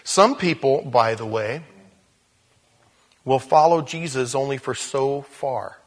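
A man preaching a sermon, animated, often repeating words and speaking straight to his listeners. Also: medium pitch, slow. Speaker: pastor.

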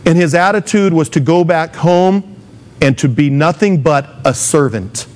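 A man's voice: a little high, unhurried. Man preaching an emphatic sermon. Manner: preaching with emphatic rises and acted quotes. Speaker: pastor.

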